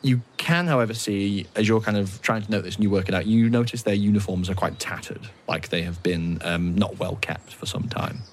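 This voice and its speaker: A man narrating as game master of a tabletop game, describing scenes in a relaxed, hesitant way. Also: lowish voice, fairly quick, hardly any pauses, a little hiss or hum.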